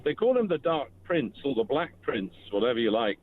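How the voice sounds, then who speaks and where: A man's voice: medium pitch, big pitch swings, fairly quick, slight background noise. A man calling in to a radio phone-in, talking in rambling runs with false starts. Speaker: radio caller. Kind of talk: phone-in call. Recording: tinny phone line.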